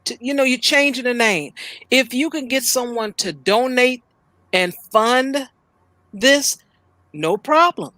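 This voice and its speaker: A woman's voice: fairly high pitch, slow pace, fairly bright tone, no echo. A woman from Chicago hosting a news reaction show from home, ranting bluntly and in exasperation. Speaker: host.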